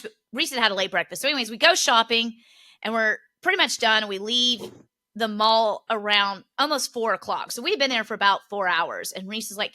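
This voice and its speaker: Bright, lively woman telling a story. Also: fairly high pitch. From Philadelphia area. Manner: animated storyteller, laughs often. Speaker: podcast co-host. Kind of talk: casual chat.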